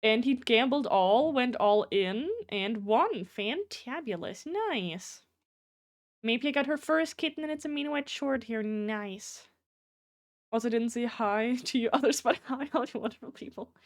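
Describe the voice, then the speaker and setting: A young woman with a fairly high voice chats on her live stream. She rambles through stories, restarts her sentences and swears freely, stopping to greet viewers by name. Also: unhurried. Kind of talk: casual live-stream chat.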